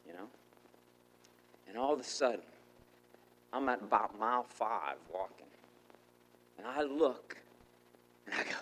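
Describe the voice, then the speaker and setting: Guy preaching in church, bright forceful voice, acts out his thoughts, bit of hum behind. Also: medium pitch, measured pace, pauses often, big-room sound, poor audio. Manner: animated, acts out his own inner thoughts, repeats words. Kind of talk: sermon storytelling.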